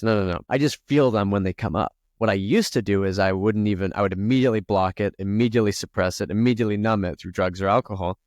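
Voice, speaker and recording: Low smooth-voiced guy opening up on a podcast, earnest, swears a bit, dry sound. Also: fast, few pauses, darkish tone, no echo. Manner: earnest, confessional, swears casually. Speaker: podcast guest, spiritual coach. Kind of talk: candid conversational interview.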